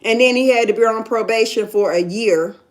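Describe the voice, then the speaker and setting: A middle-aged woman in Ohio recounts her own experiences in casual talk, speaking fairly quickly at a fairly high pitch. Emphatic throughout, she repeatedly checks with "you understand?"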